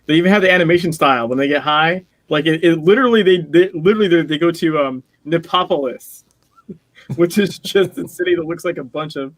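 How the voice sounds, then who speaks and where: A man's voice: fairly high pitch, no room sound. A man co-hosting a podcast, chatting casually and rambling with frequent laughs. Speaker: podcast co-host. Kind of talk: casual chat.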